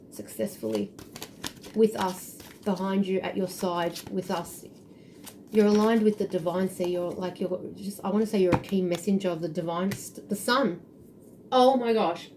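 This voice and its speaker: A woman's voice: fairly low pitch, background noise. A woman giving an intuitive tarot reading to camera, earnest and emotional, often searching aloud for the right word. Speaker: tarot reader.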